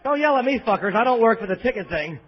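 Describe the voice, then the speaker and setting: A man's voice: sits high, animated, quick pace. A man with a New York accent doing a crude, self-deprecating stand-up set at a live club, on a muffled bootleg recording. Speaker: stand-up comedian. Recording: muffled bootleg audience tape.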